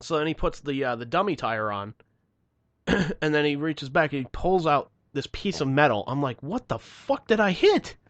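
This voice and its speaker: A man's voice: a little high, expressive, moderate pace, a bit bright, dry recording. A man hosting a podcast, telling a story in casual chat with plenty of swearing and exasperation. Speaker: podcast host.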